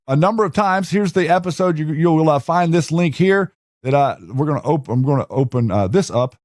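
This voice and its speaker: A man's voice: fairly high pitch, no room sound, studio quality. A man hosting a show, talking casually while screen-sharing, with rambling restarts and rhetorical questions. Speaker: host.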